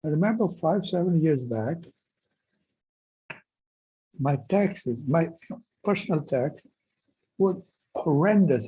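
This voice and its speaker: A male professor lectures with a deeply husky, rough voice pitched a little high. His delivery swings widely as he tells stories with animated emphasis and repeats himself to drive points home. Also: measured pace, pauses often, poor audio. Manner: animated, emphatic storytelling with repetitions. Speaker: university professor. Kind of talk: university lecture with personal anecdote.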